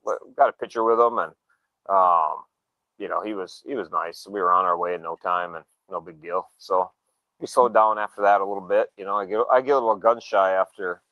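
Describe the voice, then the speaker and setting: Male storyteller, low and dry-miked, punchy tone, laid-back chat. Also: brisk, no room sound, muffled recording. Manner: relaxed, acts out quoted dialogue. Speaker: show regular, motorcyclist.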